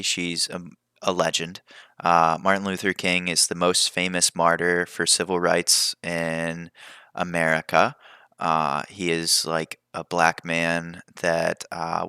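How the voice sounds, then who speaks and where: A man's voice: sits low, vocal fry, sharp tone, clear, resonant tone, no echo, studio quality. A young man hosting a podcast, talking casually and drifting into tangents. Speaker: podcast host. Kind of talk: casual rambling monologue.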